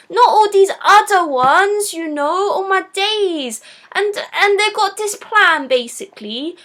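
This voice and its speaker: A woman's voice: very high-pitched, lively intonation, takes it slowly, bright, forceful tone. A woman hosting a live stream, giving a blunt, sarcastic, casual film review.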